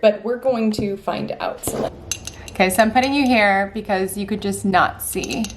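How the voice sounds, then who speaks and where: A woman's voice: mid-range voice, a little hiss or hum. A woman chatting in a casual vlog, bubbly and gushing. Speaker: astrology vlogger.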